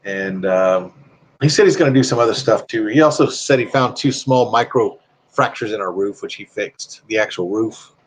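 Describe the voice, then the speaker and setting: A man's voice: fairly low pitch, normal speed, breathy edge. Rambling chatty man hosting a live stream. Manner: rambling, reads viewer comments aloud; chatty and friendly with viewers. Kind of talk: casual live-stream chat.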